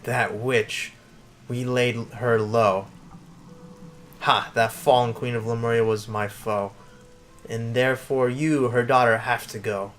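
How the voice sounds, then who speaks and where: A man's voice: mid-range voice, steady tone, fairly bright tone, slight background noise. A man voicing a cold, cruel stepmother queen with a put-on British accent, drawn out and menacing. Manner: haughty, drawn-out menacing delivery.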